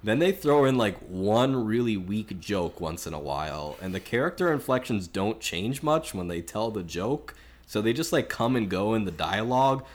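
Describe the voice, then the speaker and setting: Low voiced guy on a movie podcast, chatty, lots of likes and ums. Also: expressive, moderate pace. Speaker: podcast co-host. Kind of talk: casual film review chat.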